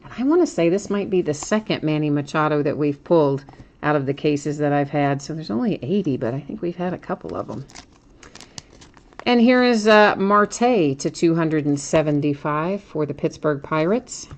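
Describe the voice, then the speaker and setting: Low-voiced woman narrating card pulls. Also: lively intonation, moderate pace. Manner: chatty, narrating each card as she pulls it; self-correcting, laughs at her own slips. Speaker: card break host. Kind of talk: casual card break commentary.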